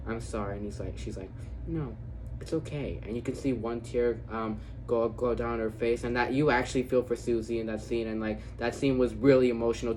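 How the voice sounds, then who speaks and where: A man giving a casual, unscripted movie review. He rambles with many fillers and restarts, stops to think, and gets excited about the parts he loves. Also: medium pitch, slight background noise, poor audio. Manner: rambling, filler-heavy with frequent "like" and "so, yeah"; bursts of excitement on favorite moments.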